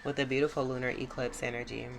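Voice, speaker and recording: A woman's voice: extremely low pitch, little pitch movement, fast talker, creaky. Effusive woman giving a tarot reading. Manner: effusive, exclamatory and encouraging. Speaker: tarot reader. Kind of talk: spiritual tarot reading for viewers. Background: music.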